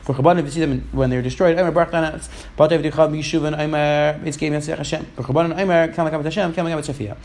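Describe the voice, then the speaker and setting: A man giving a Talmud class in a quick, steady flow, mixing Hebrew and Aramaic quotes with English explanations. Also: fairly high pitch. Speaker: Talmud teacher. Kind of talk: Gemara study class.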